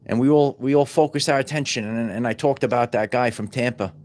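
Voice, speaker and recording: A man's voice: medium pitch, a little fast, a little mellow. A middle-aged man hosting his own channel, preaching in a loose, repetitive monologue full of stumbles and restarts. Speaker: channel host. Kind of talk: off-the-cuff motivational monologue.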